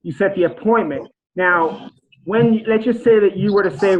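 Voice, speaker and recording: A man's voice: high voice, moderate pace, muffled recording. A man giving a casual, rambling coaching talk on sales calls, acting out example phone conversations. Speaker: sales trainer.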